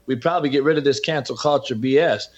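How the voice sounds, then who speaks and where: A man's voice: mid-range voice, fast talker, lo-fi sound. A man, a podcast host and former coach, talking as a guest in a heated, emphatic and preachy way. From California. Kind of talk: heated interview talk.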